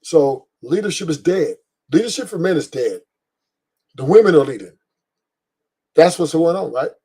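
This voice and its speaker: A man with a warm, mellow voice sits at the mic hosting his own commentary show. He speaks in a preachy, emphatic way and repeats his main lines for effect. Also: on the high side, breathy edge. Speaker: host. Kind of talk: opinion commentary.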